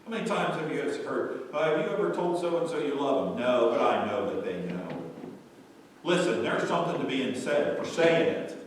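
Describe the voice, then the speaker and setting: A male pastor preaching a sermon in a church, shifting from quiet storytelling to loud, excited preaching. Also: medium pitch, very echoey, big-room sound, far from the mic, a little hiss or hum, rough recording. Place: church sanctuary.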